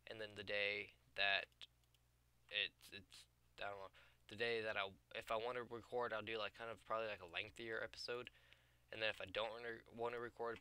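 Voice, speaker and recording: A young man talks through his building game in a loose, rambling way, stopping often to hunt for words. His voice is very bright and clean, set a little low. He sounds tired, and keyboard clicks come from a desk mic. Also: clear, resonant tone, dry recording. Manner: rambling, loses his train of thought, many fillers. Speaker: gaming YouTuber. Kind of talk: casual gameplay commentary.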